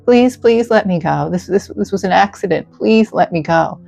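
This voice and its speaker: A woman's voice: mid-range voice, animated, normal speed, vocal fry, warm tone. A woman voicing a terrified young mermaid who stammers and pleads to be set free, over dull audio with faint music. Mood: begging.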